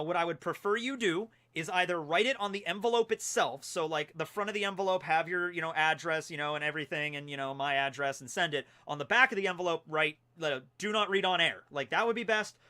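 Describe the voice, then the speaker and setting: This young man's voice is a little high, pushed and bright. He's streaming from home, working through fan mail in loose, rambling chat full of fillers.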